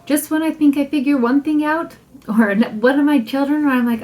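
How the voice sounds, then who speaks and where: A woman life coach hosting a podcast, talking casually and enthusiastically, laughing often and slowing down to stress her points. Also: on the high side, a little mellow. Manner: enthusiastic and chatty, laughs often, acts out her own thoughts in quotes; emphatic, slows down to stress key points.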